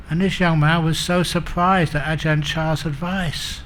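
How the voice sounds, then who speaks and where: A man's voice: on the high side, little pitch movement, a little slow, hardly any pauses, fairly bright tone, slight background noise. A man giving a humorous Buddhist dharma talk as a monk teacher, telling stories and acting out the characters. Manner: humorous, self-mocking.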